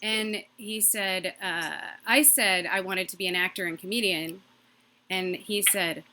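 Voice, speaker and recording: A woman from Massachusetts performs a stand-up set into her own microphone on a video call. Her voice is bright and forward, and she snaps through the jokes and laughs at her own punchlines. A faint hiss sits under the recording. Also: mid-range voice, steady tone. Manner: quick, punchy joke delivery with self-laughs. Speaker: stand-up comedian.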